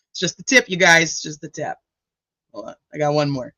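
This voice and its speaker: A woman's voice: deep voice, lively intonation, a little fast, pushed and bright, no echo, muffled recording. A woman hosting a casual true crime livestream, joking, teasing and swearing as she reads viewer comments, laughing often.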